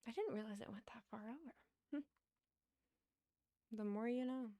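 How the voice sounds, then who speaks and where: A woman's voice: on the high side, normal speed, mellow, dry recording. A young woman streamer chatting casually while she plays a building game, rambling to her viewers. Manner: chatty, rambling, talks to chat while playing.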